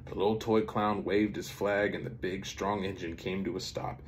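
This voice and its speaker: A father reading a picture book aloud to his child, gentle and expressive. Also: low-pitched, normal speed, hardly any pauses, slight background noise. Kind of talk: reading a bedtime story aloud.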